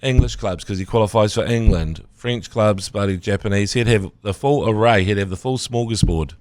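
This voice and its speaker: Kiwi bloke on a sports podcast, lowish voice, dry close mic, jokey and lively. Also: male voice, normal speed, no room sound. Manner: animated, jokey, breaks into mock voices. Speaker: podcast co-host. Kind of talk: casual sports chat. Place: studio.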